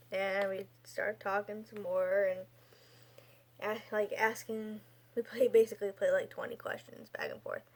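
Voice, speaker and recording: Slow-talking chatty young woman. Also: medium pitch, darkish tone. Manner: chatty, rambling with many fillers and restarts. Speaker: vlogger. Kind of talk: casual storytelling.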